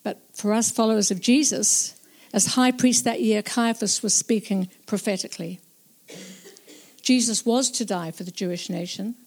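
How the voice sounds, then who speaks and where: A woman's voice: mid-range voice, darkish tone. Earnest woman telling a Bible story. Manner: slow, reflective and earnest. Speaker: narrator. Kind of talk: first-person dramatized Bible storytelling.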